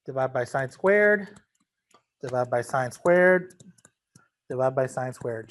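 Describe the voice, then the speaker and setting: A man's voice: medium pitch, lively intonation, takes it slowly, long pauses. A man teaching a math lesson, casual and joking, talking straight to his students. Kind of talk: recorded class lecture.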